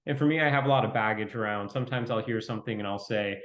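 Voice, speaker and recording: A man speaking as an interview guest, talking quickly in a fairly flat, reflective way. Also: on the low side. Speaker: venture capitalist guest. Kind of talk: conversational interview. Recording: roomy echo.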